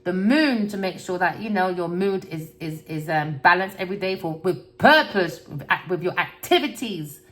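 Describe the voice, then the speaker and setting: A woman's voice: on the low side, lively intonation, moderate pace, hardly any pauses. A woman gives a collective tarot reading, talking bluntly and preachily, scolding her listeners with repeated words and swearing. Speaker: tarot reader.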